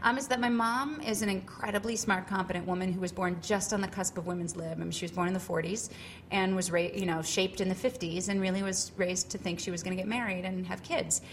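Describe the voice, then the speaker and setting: A woman's voice: medium pitch, fast, slight background noise. A middle-aged woman from Cambridge, Massachusetts with a Boston accent, chatting animatedly as an interview guest, with many fillers and restarts. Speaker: guest, musical theater actress. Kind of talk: casual interview.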